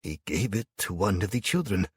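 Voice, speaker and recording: A man voicing a gentle, sorrowful older imam in an audiobook, speaking slowly in hushed tones. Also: low-pitched, expressive, breathy edge, no echo, clean studio sound, pitched above the performer's own voice, full character voice.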